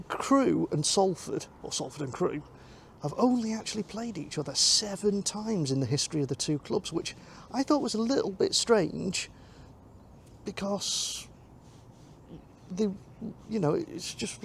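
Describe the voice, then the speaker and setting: Walking outdoors toward a station and a bit winded, this North West England man chats casually for his vlog about a football trip, filling pauses with ums as he thinks aloud. He has a high, creaky voice with lively intonation and an unhurried delivery. The handheld camera mic picks up slight background noise.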